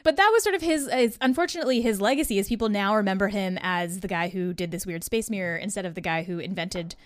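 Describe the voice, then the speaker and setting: A woman's voice: mid-range voice, quick pace, no echo, clean studio sound. A woman guest-hosting a podcast, telling a story in casual chat, laughing and acting out the voices of the people in it. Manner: lively, laughing, acts out quoted voices. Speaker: guest host.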